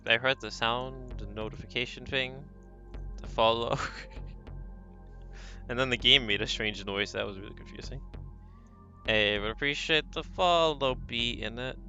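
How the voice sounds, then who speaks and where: A man's voice: mid-range voice, bright, forceful tone. A man streaming a game, chatting casually with viewers and reading text aloud, laughing often. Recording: slightly dull lo-fi stream audio with faint music.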